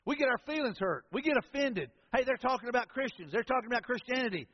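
A man's voice: extremely high pitch, lively intonation, fast, husky. A man preaching a sermon to a congregation in a church sanctuary, in a folksy, conversational style with storytelling asides. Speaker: pastor. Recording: echoey hall, dull lo-fi sound.

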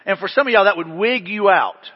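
A man's voice: sits high, brisk, breathy edge. A man preaching to a congregation in a church hall, telling stories in a conversational way with folksy asides. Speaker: pastor. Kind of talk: sermon. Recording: long hall reverb, dull lo-fi sound.

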